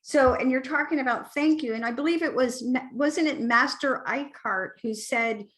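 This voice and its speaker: A woman's voice: sits high, moderate pace, a bit bright. A woman hosting a radio interview show, giving affirming responses to her guest.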